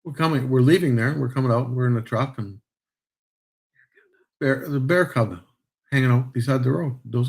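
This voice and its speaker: A man co-hosting a casual chat show, telling lively stories and swearing freely. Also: medium pitch, fairly quick, creaky, pauses often. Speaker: co-host.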